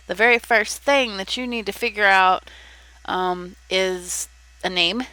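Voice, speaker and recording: A woman's voice: medium pitch, bright, forceful tone, rough recording. A young woman giving casual advice in a tutorial vlog, chatty, with frequent ums and restarts. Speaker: content creator giving advice.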